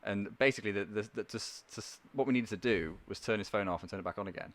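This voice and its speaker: A man chatting as a podcast guest, telling lively stories and laughing often. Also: on the low side, fast. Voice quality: animated storyteller, laughs often. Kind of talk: casual podcast chat.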